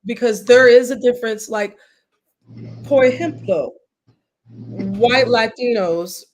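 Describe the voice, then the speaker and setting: A woman co-hosting a casual chat show, talking in a blunt, profane, animated way. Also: medium pitch. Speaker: podcast co-host.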